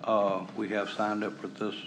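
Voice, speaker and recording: Low-voiced man chairing a meeting. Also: level tone, normal speed, fairly bright tone, slight background noise, low-quality recording. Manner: brief, procedural. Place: county meeting room.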